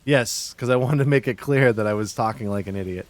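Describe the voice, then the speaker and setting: A streamer from Massachusetts chats casually with viewers and friends, often stopping and restarting mid-sentence. His voice sits at an ordinary man's pitch. The close desk mic gives a dry, dead sound with no room echo. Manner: chatty, halting, full of restarts. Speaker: livestreamer.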